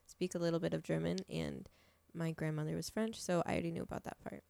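A woman's voice: fairly low pitch, flat delivery, fast talker, creaky, dark tone, dry recording. A young woman talking casually as a podcast guest, swearing freely and saying "like" a lot. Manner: chatty, swears freely, says "like" often. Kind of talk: casual chat. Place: small podcast studio.

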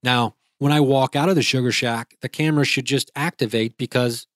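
A man's voice: medium pitch, fairly even intonation, brisk, a bit bright, dry recording, clean studio sound. A young man, a guest, retelling a frightening experience in a vivid, casual way with restarts. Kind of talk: casual storytelling.

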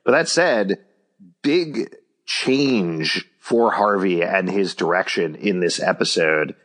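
A man with a very low, deep voice talks through a show recap on a podcast. He is casual and jokey, thinking aloud and stopping on filler words as he goes. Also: slow pace, fairly bright tone. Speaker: podcast host.

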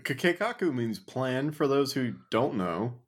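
A man's voice: medium pitch, very animated, a little slow. A man co-hosting a podcast in casual chat, rambling and self-deprecating. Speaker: podcast co-host.

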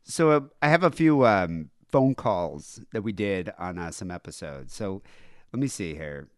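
A man's voice: sits low, lively intonation, unhurried, no room sound, studio quality. A man hosting a podcast, chatting casually in a rambling, laughing, profane way. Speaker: podcast host.

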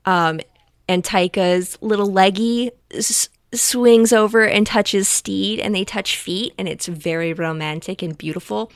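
Slow-talking, gushing woman chatting. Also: mid-range voice, no echo, studio quality. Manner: gushing, enthusiastic, many fillers. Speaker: podcast co-host. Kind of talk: casual chat.

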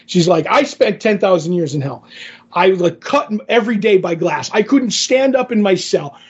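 A man's voice: sits high, animated, normal speed, husky, lo-fi sound. A man co-hosting a casual podcast, animatedly retelling comic book scenes and quoting the characters. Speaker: podcast co-host.

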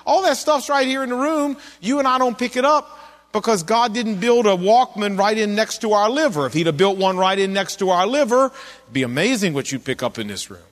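A man's voice: high-pitched, expressive, brisk, long reverb tail. A man preaching a sermon in a conversational way, asking his listeners questions as he goes. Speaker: pastor.

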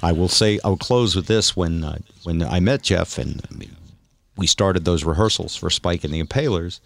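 A man's voice: low-pitched, moderate pace, gravelly. A man hosting a podcast, joking and firing off wisecracks in casual chat. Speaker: podcast host.

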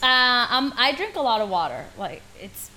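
A young woman with a high, bright voice tells a story in a casual podcast chat. She is animated, acts out the people she quotes and laughs often. A faint hiss sits under the recording. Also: moderate pace. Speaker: podcast co-host.

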